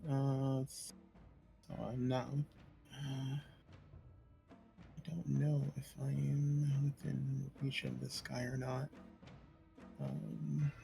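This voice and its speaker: A man's voice: medium pitch, little pitch movement, very slow, creaky, pauses often, dark tone, faint music behind. A man playing a tabletop game, describing his character's actions hesitantly while he thinks aloud. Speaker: player. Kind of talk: tabletop role-play.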